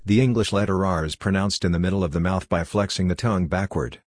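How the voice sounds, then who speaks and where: A man giving a scripted, measured explanation as a language explainer. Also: deep voice, dry recording, studio quality. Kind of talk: scripted narration.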